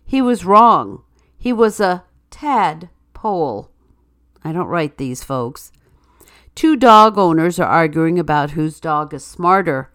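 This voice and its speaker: A woman's voice: sits low, animated, unhurried, a bit bright, clean tone, no room sound. A woman host reading news items and a string of jokes with a dry, wry delivery. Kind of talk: read-aloud segment with news, quotes and jokes.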